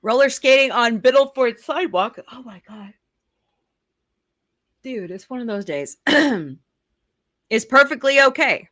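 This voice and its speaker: A woman hosting a casual chat show reads odd news items aloud, breaking off for quick wry asides and small laughs. Her voice is bright and a little high, with a sleepy, yawning edge. The recording is close and dry. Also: animated, dry recording. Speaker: host.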